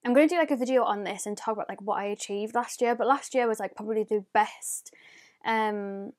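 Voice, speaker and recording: A woman's voice: mid-range voice, brisk, darkish tone. A woman, chatting casually and rambling as a beauty vlogger showing off her presents. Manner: chatty, rambling, lots of "like" fillers. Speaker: beauty YouTuber. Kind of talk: casual unboxing vlog.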